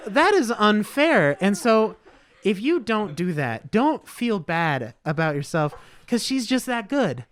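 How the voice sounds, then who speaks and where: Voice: medium pitch, sing-song, unhurried. A cast member chatting casually, playful and laughing while praising a friend. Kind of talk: casual chat.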